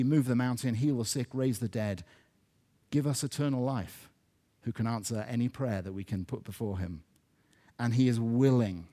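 A man preaching a sermon to his church, earnest, stumbling over and repeating words, swelling louder when he stresses a point. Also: medium pitch, normal speed. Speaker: pastor.

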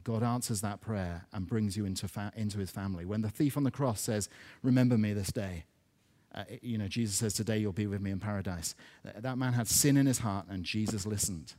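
A man preaching a sermon to his church, earnest, stumbling over and repeating words, swelling louder when he stresses a point. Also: lowish voice, a little fast. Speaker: pastor.

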